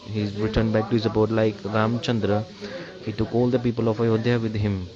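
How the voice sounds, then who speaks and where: Indian-accented man interpreting a sermon, low even voice, repeats and questions the room; muffled, crowd audible. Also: brisk. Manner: rephrases himself and asks the listeners rhetorical questions. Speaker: translator of a spiritual lecture. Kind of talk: translated sermon. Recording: dull lo-fi recording with crowd behind.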